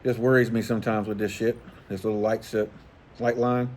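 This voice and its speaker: A man's voice: fairly low pitch, little pitch movement, fairly quick, darkish tone, a little hiss or hum. Laid-back man rambling casually. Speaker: fishing channel host. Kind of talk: casual vlog chat.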